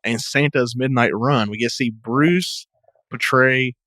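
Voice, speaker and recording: A man with a bright, forceful voice co-hosts a casual review podcast. He often hesitates and repeats words while he thinks, and the recording is close and dry. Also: medium pitch, unhurried, dry recording. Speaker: podcast co-host.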